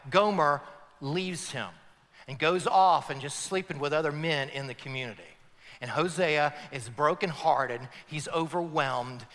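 A male pastor preaches in a bright, forceful voice that sits a little high. He swings from loud, emphatic climaxes to hushed passages, and his words ring out through the long echo of a large hall. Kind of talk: preaching a sermon.

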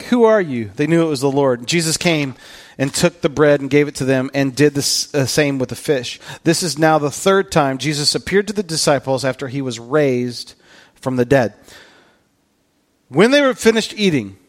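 Man preaching, conversational, acts out scenes, slightly high voice, hushed moments. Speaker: pastor. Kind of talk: sermon.

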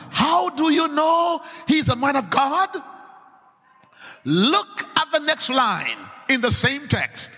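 A male preacher delivering a fervent sermon to a congregation, chanting and shouting at the peaks. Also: very high voice, lively intonation, unhurried. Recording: hall reverb.

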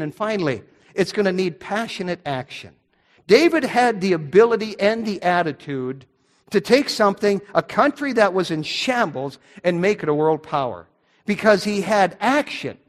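A middle-aged male pastor preaching a sermon earnestly, often restarting his words. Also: high voice. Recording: long hall reverb.

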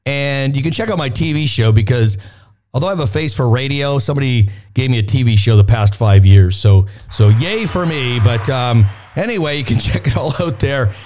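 A man's voice: medium pitch, expressive, normal speed, a little mellow. A man with a Canadian accent hosting a radio show, chatting casually with a guest and poking fun at himself. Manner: upbeat, joking, self-deprecating.

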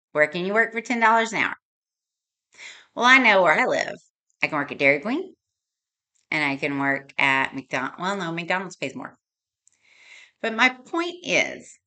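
A woman's voice: fairly low pitch, sharp tone. A woman hosting a podcast, talking earnestly and with feeling, working through numbers aloud and at times tearing up. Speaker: podcast host. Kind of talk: heartfelt podcast monologue.

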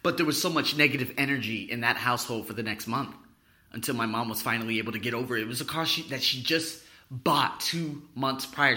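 A man's voice: mid-range voice, sharp tone. A young man hosting a podcast, telling a personal story in a blunt, profane, rambling way. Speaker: podcast host.

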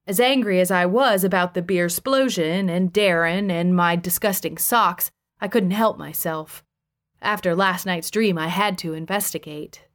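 A woman reading a first-person audiobook in a wry, conversational storytelling voice. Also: on the low side. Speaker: audiobook narrator.

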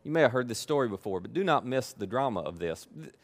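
A man's voice: medium pitch, big pitch swings, fast. A man preaching a sermon with emphatic repetition and playful asides. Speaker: pastor.

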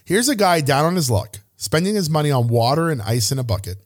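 A man's voice: a little high, animated, brisk. A man hosting a podcast, telling a personal story in an earnest, openly emotional way. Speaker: podcast host.

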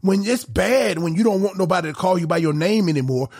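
A man preaching a sermon in an emphatic style, rising to shouts on key points. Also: sits high, animated, fairly quick, breathy edge.

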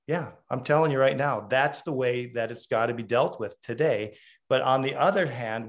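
Gravelly middle-aged guy, ex hockey coach, blunt and emphatic, tells it straight. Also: medium pitch. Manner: emphatic storyteller; blunt and direct. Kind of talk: casual interview talk.

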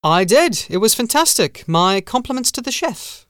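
A man's voice: high voice, sing-song, normal speed, a bit bright, no room sound, clean studio sound, voice pushed up. A man voicing an eager, curious traveler.

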